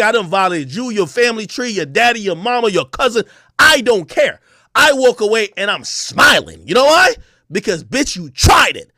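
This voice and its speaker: Brief: trash-talking man, high voice, sharp bright tone, loud boastful rant in a dry room. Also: no echo. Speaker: online personality. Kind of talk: ranting to camera.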